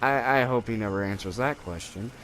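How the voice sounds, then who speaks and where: A little fast and on the low side, a young man's voice carries a slight hiss or hum. Co-hosting a gaming video, he tells rambling, swear-filled stories as he plays, raising his voice animatedly for quotes.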